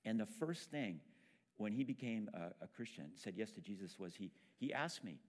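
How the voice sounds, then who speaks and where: A man's voice: lowish voice, animated, moderate pace. A man preaching a sermon as pastor, talking in a conversational way with frequent restarts.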